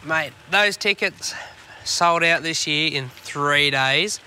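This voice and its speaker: Bright-voiced Australian man, laid-back. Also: fairly high pitch, slow. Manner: laid-back, rambling, swears freely. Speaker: podcast co-host. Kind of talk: casual chat. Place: on a boat on the water.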